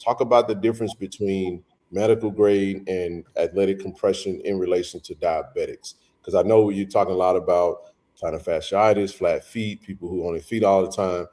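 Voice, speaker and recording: A man's voice: low voice, fairly even intonation, normal speed, dark tone. A man hosting a casual livestream chat, talking in loose rambling runs with frequent restarts. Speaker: host.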